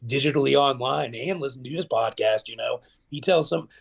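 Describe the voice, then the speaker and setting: A man from Middle Tennessee, a professional wrestler talking as a podcast guest, rambling with lots of fillers and growing animated as he retells stories. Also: mid-range voice, fairly quick, creaky, slightly rough. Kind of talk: casual podcast storytelling.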